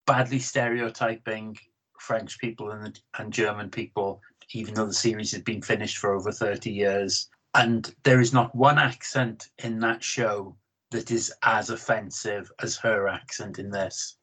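Husky-voiced man critiquing a film. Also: fairly low pitch, a little slow, a bit bright, rough recording. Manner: opinionated, repeats words when starting. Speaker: film podcast co-host. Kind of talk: casual film review chat.

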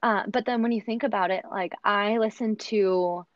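A woman's voice: medium pitch, normal speed, dry recording. A young American woman who talks animatedly, telling stories in a casual chat with lots of fillers. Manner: animated, storytelling, many fillers. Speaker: guest, former au pair. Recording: dull, dry lo-fi recording.

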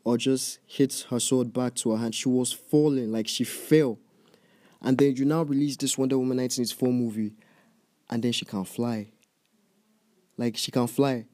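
A young man with a Nigerian accent rants in loose, profane casual commentary, addressing the listener directly. His voice is dark and mellow. The recording is dry, with no room sound. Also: medium pitch, no echo. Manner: profane, heated, talks straight at the listener. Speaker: movie reviewer.

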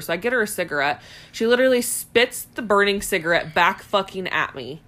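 A woman co-hosting a casual podcast, carrying a long story in a blunt, profane way. Her voice sits at a middle pitch and she speaks plainly and directly. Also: animated, quick pace, a bit bright. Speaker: podcast co-host. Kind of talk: casual chat.

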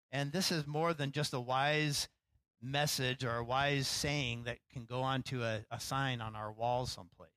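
Pastor guy giving a chatty sermon, bright voice a bit on the high side, dry close sound. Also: no echo, low-quality recording. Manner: conversational, self-deprecating, acts out lines with rising animation. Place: church.

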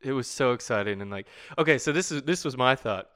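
A man in casual conversation about a film, excitable and laughing often, quoting lines from the movie. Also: medium pitch, fairly quick. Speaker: movie fan discussing a film. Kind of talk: casual chat.

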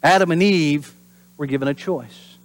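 High-voiced man preaching a sermon. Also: moderate pace. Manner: animated preaching, acts out voices and drops to whispers for emphasis. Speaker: pastor.

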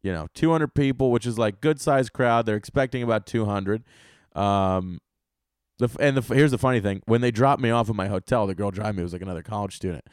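A young man hosting a solo podcast, telling rambling, profane comic stories with bursts of loud excitement. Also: lowish voice, brisk, smooth, no room sound, clean studio sound. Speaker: podcast host and stand-up comedian.

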